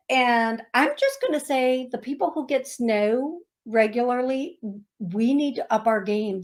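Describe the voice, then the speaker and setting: A woman's voice: a little high, a little mellow. A woman hosting a radio show as a psychic medium, telling stories in a chatty, laughing way. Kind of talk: casual chat. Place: radio studio.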